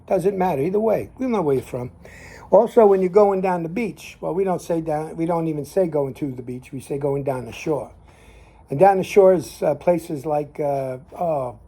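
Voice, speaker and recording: Dark-voiced older man with a Jersey accent. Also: on the high side. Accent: New Jersey. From New Jersey. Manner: rambling, repeats himself, trails off in fillers. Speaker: host. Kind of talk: casual monologue.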